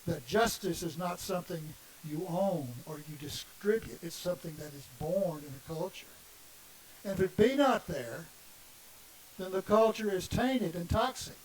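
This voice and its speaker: A man's voice: high voice, moderate pace. A middle-aged man, preaching an impassioned sermon full of emphatic rhetorical questions. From Southern United States. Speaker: minister. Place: congregation meeting room. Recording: distant mic with faint hiss.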